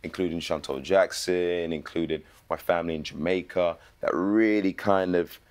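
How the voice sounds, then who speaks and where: A man, an actor guest telling lively stories in a casual interview. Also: sits low, normal speed, smooth. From England. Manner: animated storytelling with slang.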